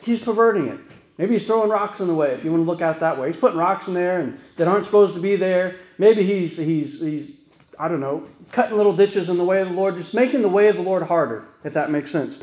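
Man, pastor, conversational sermon, folksy asides, slightly high voice. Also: fast talker, a little mellow. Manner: folksy storytelling, frequent "right?" asides. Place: church sanctuary. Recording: echoey church room.

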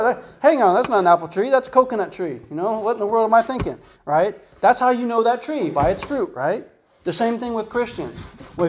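A man's voice: high-pitched, slight background noise, poor audio. A man giving an informal Bible teaching in a conversational way, often asking "right?" and "guess what?" to the listener. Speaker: preacher.

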